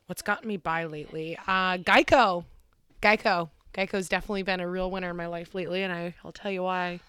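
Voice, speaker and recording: A woman's voice: on the low side, steady tone, brisk, clear, resonant tone, no room sound. A young woman co-hosting a podcast in casual chat, swearing and bursting out playfully. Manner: loud, swearing, playful outbursts. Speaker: podcast co-host.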